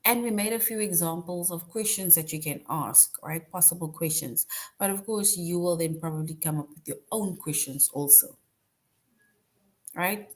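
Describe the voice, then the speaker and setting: A woman's voice: on the low side, normal speed. Patient woman teaching young kids. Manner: patient, repeats points, frequent "right?" checks. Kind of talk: online grammar lesson for children.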